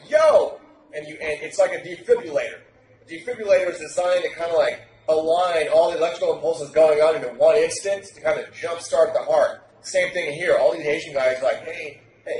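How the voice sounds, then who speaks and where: A man talking as a dating coach, loud and emphatic, projecting his voice hard and swearing freely. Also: on the high side. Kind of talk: animated podcast talk. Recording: roomy echo, faint noise.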